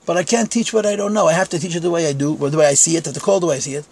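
A man's voice: fairly high pitch, fairly even intonation, very fast, few pauses, a little mellow, breathy edge. A man teaching a text-study lecture in Yeshivish English, conversational, with frank self-deprecating asides.

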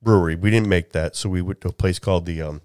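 A man chatting casually, telling travel stories in a halting way, repeating words and acting out the people he quotes. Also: deep voice, no echo, studio quality. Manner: animated storyteller, acts out people he quotes. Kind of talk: casual chat.

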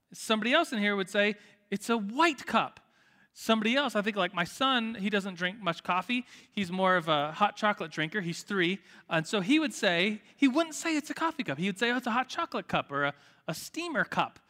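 A young man leads a casual church teaching in a high, bright voice. He talks in a loose, lively, conversational way, correcting himself often and using plenty of fillers. His voice rings on in a large hall. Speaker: church teacher leading a group study. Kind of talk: informal sermon with table discussion. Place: room with tables full of listeners.

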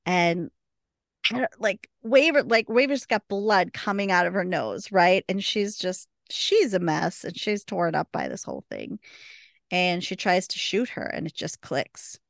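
A woman at mid pitch with a creaky, gravelly edge to her voice. She co-hosts a podcast and recaps an episode in an eager, chatty way, full of "like" and "right?". The sound is close and dry, with no room around it. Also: very animated, a little slow, no room sound. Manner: enthusiastic, retelling scenes with many fillers. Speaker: podcast co-host. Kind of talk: casual episode recap chat.

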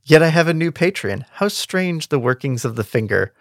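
A man's voice: fairly high pitch, sing-song, moderate pace, fairly bright tone, no room sound, clean studio sound, voice pushed up. A man reading aloud as an impish male dwarf jester who talks in riddles and puns, playful and mocking.

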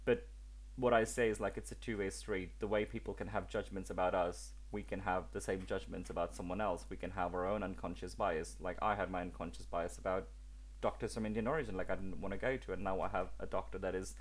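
A man speaking as a guest on a podcast in casual, animated conversation with exasperated asides. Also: low-pitched, brisk.

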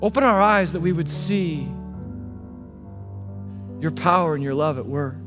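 A male pastor preaching a sermon, swinging between hushed, intimate passages and emphatic, rising declarations. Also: on the high side, measured pace. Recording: long hall reverb with faint music.

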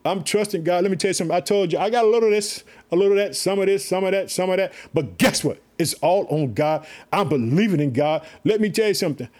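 In an informal online sermon, a man preaches fervently and repeats himself, addressing his listeners as family and calling out "guess what" again and again. His voice is high with a darkish tone, and he talks quickly with few pauses.

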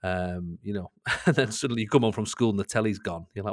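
A man's voice: fairly low pitch, fast talker, no echo, studio quality. A man with a Mancunian accent, a comedian guest chatting in an interview, self-mocking and laughing between lines. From Manchester, England. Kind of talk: casual interview chat.

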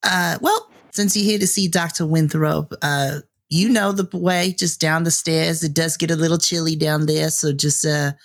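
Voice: medium pitch, fairly even intonation, moderate pace, few pauses, lightly acted. A game master voicing a sweet elderly woman receptionist at a morgue who dotes on visitors and calls everyone sweetie. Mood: sweet doting.

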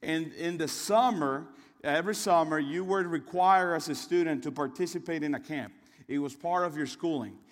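A young man with a fairly high voice preaches a sermon, telling a story in a chatty, meandering way at normal speed. He's conversational, with restarts and asides, and his voice rings with the long reverb of a big hall.

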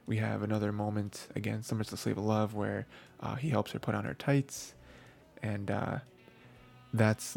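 A man hosting an anime review podcast, recapping episodes in a rambling casual way with many fillers and quick acted-out lines. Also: on the low side, creaky, darkish tone, husky.

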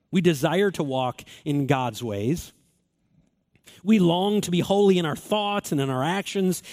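A man preaching a sermon as pastor, earnest and emphatic, repeating key phrases and slowing down for stress. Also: high voice, darkish tone. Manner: earnest, emphatic repetition, swings between quick and slow phrasing.

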